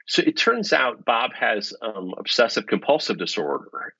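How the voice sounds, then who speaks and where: A middle-aged man, a professor and podcast guest, telling stories in an animated, self-deprecating way. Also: on the low side, moderate pace, creaky, few pauses, slightly rough, no echo. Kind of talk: storytelling in conversation. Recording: dull lo-fi podcast audio.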